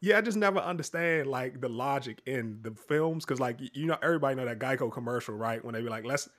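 A man co-hosting a casual podcast chat, animated and teasing. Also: medium pitch, fast. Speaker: podcast co-host.

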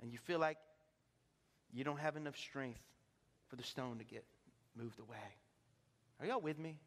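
A pastor preaching an impassioned sermon, swinging from hushed to shouting. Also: male voice, medium pitch, normal speed. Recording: long reverb of a large hall.

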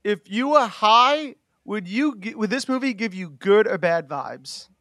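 A man's voice: sits high, lively intonation, a little slow, pushed and bright, no echo, clean studio sound. A young man hosting a casual chat, rambling with lots of "like" and frequent laughs. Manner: rambling, heavy use of "like", laughs often.

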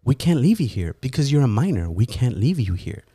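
A man voicing a calm, stern male immigration officer in a low, measured, matter-of-fact way. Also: breathy edge, no echo.

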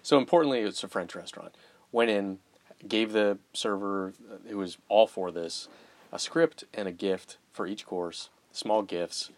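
A man's voice: lowish voice, measured pace, a little mellow. Man, casual chat, self-deprecating, laughing storyteller. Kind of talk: casual conversation.

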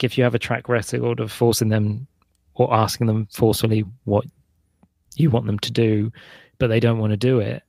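A man's voice: creaky, dark tone, no echo, studio quality. A man in his forties co-hosting a podcast, chatting loosely about parenting and acting out the lines of the people in his stories. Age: 40s. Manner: rambling, acts out his son's and his own lines in a higher voice. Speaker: podcast co-host.

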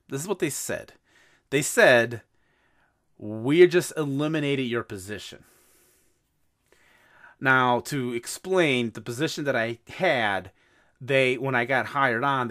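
A man hosting a podcast, telling a story in casual chat, animated and swearing freely. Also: medium pitch. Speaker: podcast host.

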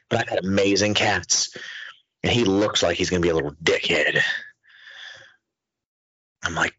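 A male podcast host talks in a loose, swearing, storytelling way, his pitch swinging widely from line to line. His voice has a husky edge. The audio is dry and a bit dull. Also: animated, moderate pace, long pauses, pushed and bright, dry recording. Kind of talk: casual profane chat.

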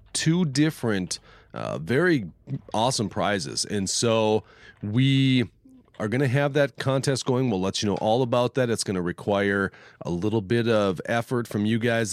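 A man with a cold, sounding stuffed up, co-hosting a podcast in relaxed casual chat. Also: fairly low pitch, no room sound. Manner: laughs easily, relaxed announcer-style. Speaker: podcast co-host.

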